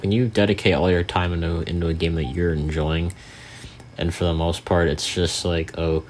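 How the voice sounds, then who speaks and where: Deep-voiced young man rambling over gameplay. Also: a little hiss or hum. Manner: rambling, filler-heavy, swears casually. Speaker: gaming channel host. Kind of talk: casual gameplay commentary.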